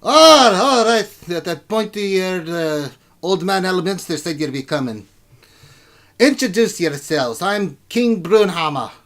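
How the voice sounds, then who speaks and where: A man doing a bellowing gruff dwarf king. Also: high voice, animated, a little slow, pitched above the performer's own voice, full character voice. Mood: blustering. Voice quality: gruff, shouting. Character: gruff loud old male dwarf king.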